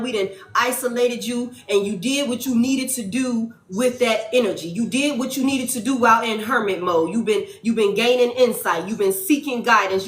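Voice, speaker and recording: A woman giving a casual tarot reading, animated and profane, repeating lines for emphasis. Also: on the high side. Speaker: tarot reader. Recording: echoey room, faint music behind.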